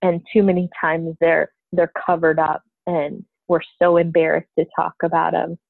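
A middle-aged woman speaks earnestly and from the heart about her faith, in a low voice with a gravelly edge. Her voice comes through a thin, phone-like line with no room sound. She talks at length as a guest. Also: level tone, moderate pace, no echo. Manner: earnest and heartfelt, sharing testimony. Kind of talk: faith-based conversation. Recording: tinny phone-like line, dry.

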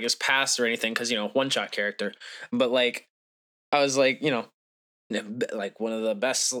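A man's voice: medium pitch, sharp tone. A man chatting casually about a tabletop game show, rambling with lots of fillers. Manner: rambling, filler-heavy storytelling. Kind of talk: casual podcast chat.

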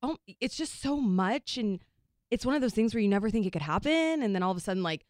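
Woman, casual storyteller, lively quoting, dry mic. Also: mid-range voice, fast talker, no echo. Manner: animated storyteller, acts out quotes. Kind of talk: casual chat.

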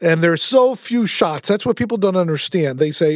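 Emphatic, high-voiced male podcast host. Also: animated, normal speed, dry recording, clean studio sound. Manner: emphatic, cuts in and argues points. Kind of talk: conversational interview.

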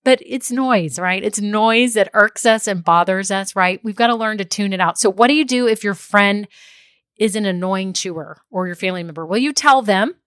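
A woman's voice: mid-range voice, normal speed, a bit bright, no echo, studio quality. A woman who hosts a podcast and coaches small business owners. She talks casually, laughs often and drifts into tangents. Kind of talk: casual solo podcast talk.

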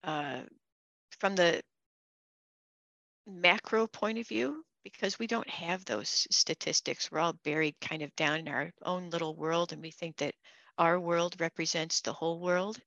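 A woman's voice: lowish voice, steady tone, measured pace, a bit bright, no echo, highs cut off. A woman hosting a podcast, talking casually and chattily, laughing and restarting her sentences. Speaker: podcast host. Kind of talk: casual interview chat.

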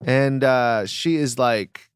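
A man's voice: medium pitch, takes it slowly, clear, resonant tone, dry recording, studio quality. A man co-hosting a podcast in casual chat, wry and full of joking quips. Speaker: podcast co-host.

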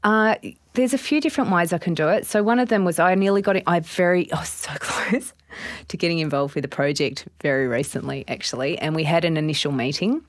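Low-voiced fast-talking Australian woman. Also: no room sound, studio quality. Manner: animated storytelling with quoted inner voices. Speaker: guest, business owner. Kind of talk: casual podcast interview.

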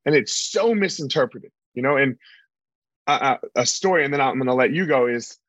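Relaxed male podcast host, dry sound. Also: medium pitch, fairly quick, no echo, highs cut off. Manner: relaxed, affirming, repeats phrases. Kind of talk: casual interview chat. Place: hotel room.

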